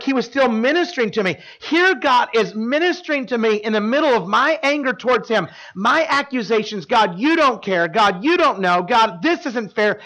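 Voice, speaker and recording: A man's voice: high-pitched, a bit bright. A man preaching a sermon, telling stories in an earnest, emphatic way with frequent restarts. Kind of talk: sermon storytelling.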